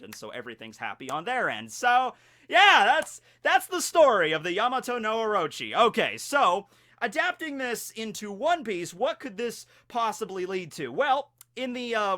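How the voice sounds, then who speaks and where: Bright, chatty man telling a story. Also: high-pitched. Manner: chatty and animated, slips into quick character voices. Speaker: YouTube anime theory host. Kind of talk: casual storytelling commentary.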